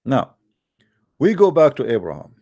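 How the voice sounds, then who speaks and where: A man's voice: mid-range voice, huge pitch swings, moderate pace, dark tone. A man giving a polemical online talk, emphatic and full of rhetorical questions, addressing listeners as guys, with non-native grammar and frequent restarts. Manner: addresses the audience directly as guys. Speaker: religious debate speaker.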